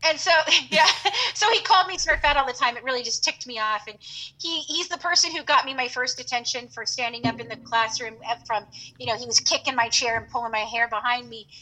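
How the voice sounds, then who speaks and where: High, bright-voiced woman telling stories. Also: brisk, poor audio. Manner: animated, acts out quoted voices. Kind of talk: casual storytelling.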